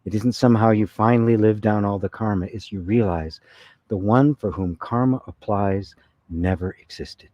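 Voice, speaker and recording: A man's voice: fairly low pitch, normal speed, no room sound, highs cut off. A man giving a conversational satsang talk as spiritual teacher, often checking with "right?". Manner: conversational, with frequent "right?" and soft laughs.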